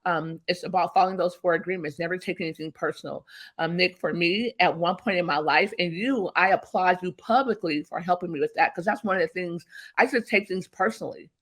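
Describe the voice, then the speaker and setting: Woman, business strategist, bright tone, emphatic, animated storytelling. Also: on the low side. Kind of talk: motivational interview talk.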